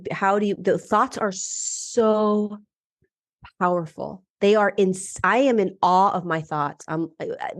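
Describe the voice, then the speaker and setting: A middle-aged woman guesting on a podcast, talking in an earnest, reflective way and often restarting her sentences. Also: mid-range voice. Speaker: podcast guest, ascension teacher. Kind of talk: casual conversational interview.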